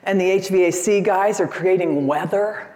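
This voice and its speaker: A woman in her sixties giving a lively, chatty seminar talk and questioning the audience from the stage. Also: fairly low pitch, moderate pace. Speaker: seminar speaker. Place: conference hall stage. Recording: echoey hall.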